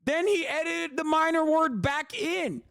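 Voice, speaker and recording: A man's voice: extremely high pitch, unhurried, vocal fry, a bit bright, dry recording, clean studio sound. A man in his thirties, a streamer giving casual, profane, exasperated commentary on news.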